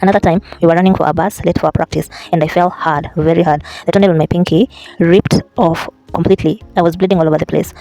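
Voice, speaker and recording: A vlogger casually chatting, then reading a book aloud in a halting way, restarting and correcting words. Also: medium pitch, steady tone, creaky, dark tone, faint music behind, rough recording. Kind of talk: casual vlog and unpolished read-aloud.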